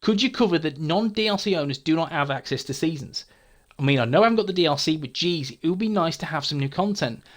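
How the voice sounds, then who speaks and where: Gamer guy chatting through viewer comments, calls everyone mate, voice sits a bit high. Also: lively intonation, quick pace, hardly any pauses. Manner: chatty, frank, repeats words, says mate. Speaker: gaming channel host.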